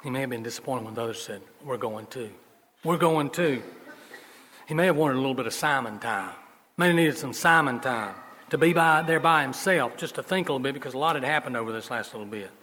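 A man preaching a sermon as pastor, telling stories in a folksy way and moving between loud emphasis and soft asides. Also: medium pitch, fast talker, slight background noise. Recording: long reverb of a large hall.

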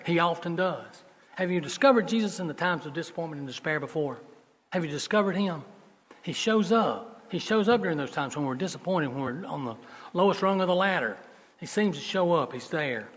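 A man preaching a sermon as pastor, telling stories in a folksy way and moving between loud emphasis and soft asides. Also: a little high, slightly rough. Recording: long reverb of a large hall.

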